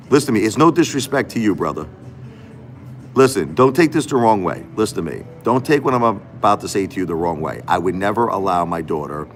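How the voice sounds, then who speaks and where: A deep-voiced man rants emotionally on a livestream, speaking straight to his viewers. He's emphatic and keeps repeating himself.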